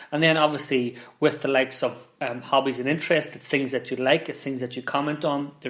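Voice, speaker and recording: A man's voice: medium pitch, a bit bright. A man, a business founder, talking casually to camera and explaining marketing, with frequent restarts and repeated words. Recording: roomy echoey room.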